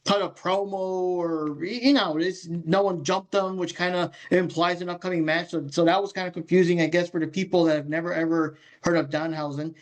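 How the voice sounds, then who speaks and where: Man, podcast host, high voice, casual and hesitant. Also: fairly even intonation, brisk, hardly any pauses. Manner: hesitant, thinks aloud with fillers. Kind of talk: casual chat.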